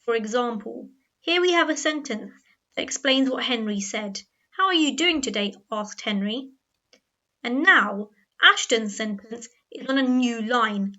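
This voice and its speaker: A woman with a bright, fairly high voice gives a grammar lesson. She explains patiently and clearly and slows down on key points. The recording sounds dull and lo-fi. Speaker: teacher. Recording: dull lo-fi voice-over.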